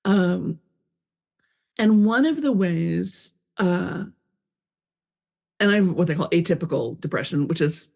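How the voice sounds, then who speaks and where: A woman's voice: on the low side, animated, slow pace, gravelly, long pauses, darkish tone. A woman guest on a podcast, an author, talking candidly and expressively, acting out her own thoughts in quoted asides. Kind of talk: conversational interview.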